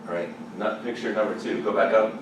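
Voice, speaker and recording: Animated man preaching in an echoey chapel. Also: fairly low pitch, brisk, dull audio. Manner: animated, rising to excited exclamations. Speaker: chapel speaker. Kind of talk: lively chapel sermon. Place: large echoing chapel. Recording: echoey hall from far off, background noise.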